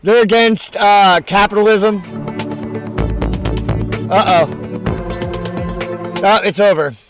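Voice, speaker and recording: A man giving casual, mocking live-stream commentary, laughing often and breaking into loud outbursts. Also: high-pitched, takes it slowly, over music.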